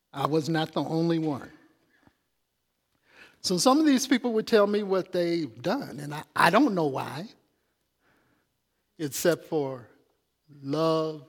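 A man preaching a sermon in a church, chatty and calling out questions to the congregation. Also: on the high side. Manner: conversational, calls out to the congregation. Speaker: pastor. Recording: long reverb of a church hall.

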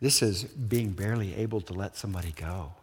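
Pastor preaching in a reverberant hall. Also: male voice, lowish voice, fairly quick, husky. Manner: animated storytelling with questions to the congregation. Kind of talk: sermon. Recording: long church hall reverb.

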